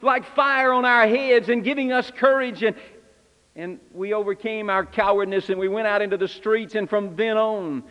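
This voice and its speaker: A man portraying Simon Peter, the impulsive fisherman who became an apostle, delivers an earnest, confessional first-person sermon to a congregation. His voice sits high for a man, and it rings out with a long reverb through a church hall. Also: clear, resonant tone, muffled recording, natural voice. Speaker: preacher in character.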